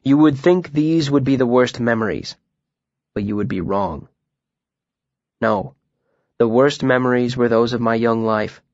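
A man narrating a story in a quiet, reflective voice at a measured pace. His voice is of middle pitch, and the sound is dry and slightly dull. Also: no echo. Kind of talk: audiobook narration.

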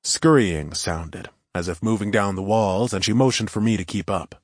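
A man narrates a first-person audiobook in a wry, conversational manner. His voice sits on the low side. The recording is dry and close, with no room sound. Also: moderate pace, no echo.

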